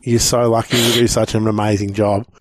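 A man's voice: lowish voice, level tone, brisk, dry recording. Effusive Australian man hosting a podcast. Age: adult parent. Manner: effusive, calls people mate. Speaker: podcast host. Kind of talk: casual interview chat.

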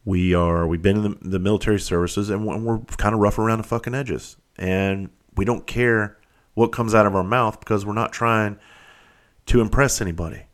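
A man's voice: on the low side, steady tone, normal speed. A middle-aged man with a blunt manner, hosting a podcast and telling stories casually, swearing freely and restarting his sentences. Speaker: podcast host. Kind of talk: casual storytelling.

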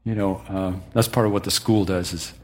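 A man's voice: low voice, steady tone, fairly quick. A man leading a church service as pastor, telling stories and praying in an enthusiastic, encouraging way. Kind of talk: sermon and church announcements.

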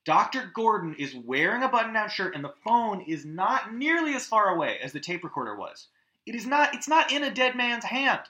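A man's voice: high voice, fairly quick. Guy on a podcast going over a horror movie, swears a lot, voice jumps all over, kinda echoey. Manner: animated, swearing, acts out scenes with yelps and hummed music. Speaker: podcast host. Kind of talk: casual movie recap.

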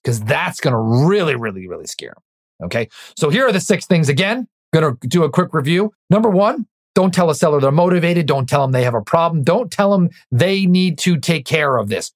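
A man hosting a real estate podcast, coaching listeners directly in an energetic, emphatic way, sometimes dropping to a near-whisper for emphasis. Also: on the high side, fairly quick.

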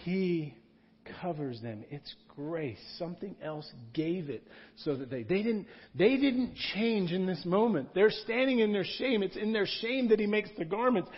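A man's voice: high-pitched, lively intonation, a little slow. A man, a pastor, preaching a sermon in a church room in a conversational style, repeating key words for emphasis. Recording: dull lo-fi sound.

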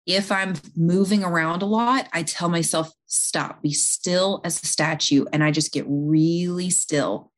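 A woman speaking as an interview guest, calmly explaining and talking through everyday examples. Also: on the low side. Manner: calm, explanatory, talks listeners through examples. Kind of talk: conversational advice.

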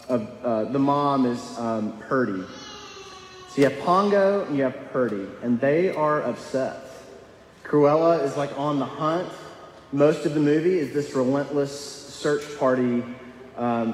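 A young man preaching a sermon as pastor, earnest and conversational, with frequent fillers and restarts. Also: mid-range voice. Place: church sanctuary. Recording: echoey hall, faint room noise.

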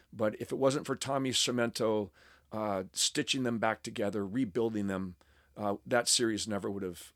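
A man's voice: medium pitch, dry recording, studio quality. A middle-aged man from the United States telling a story to a live fan audience at a panel, amused at himself and acting out the dialogue. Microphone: panel microphone.

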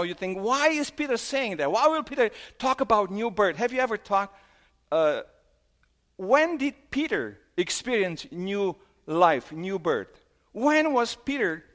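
A man preaching a sermon who asks questions and retells scripture scenes, dropping low and soft at emotional moments.

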